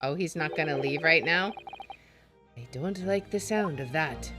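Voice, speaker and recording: A woman's voice: low-pitched, a little slow, music in the background. A woman hosting a let's play, chatting expressively as she plays a game. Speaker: gaming streamer.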